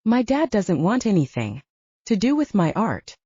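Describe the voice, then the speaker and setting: A woman's voice: mid-range voice, very animated, normal speed, warm tone, husky, dry recording, lo-fi sound. A woman voicing a young female werewolf painter who is playful and stubborn, in an audiobook.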